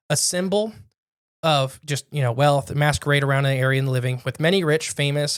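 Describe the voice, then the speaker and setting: A young man co-hosting a podcast, casually narrating a spooky tale with frequent restarts and self-corrections. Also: mid-range voice. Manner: rambling, self-correcting storyteller. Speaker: podcast co-host narrating a story. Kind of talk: casual storytelling chat.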